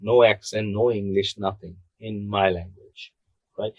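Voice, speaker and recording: A man's voice: on the low side, measured pace, dry recording, poor audio. A man from Bangladesh, chatting casually on a podcast and repeating words as he talks. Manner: animated, repeats words, does playful accent impressions. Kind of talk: casual chat.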